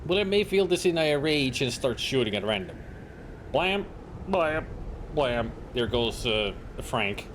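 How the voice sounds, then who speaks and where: A man's voice: medium pitch, very animated, unhurried, noisy background. A man streaming a horror game, reading its text aloud and commenting. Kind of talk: gameplay commentary.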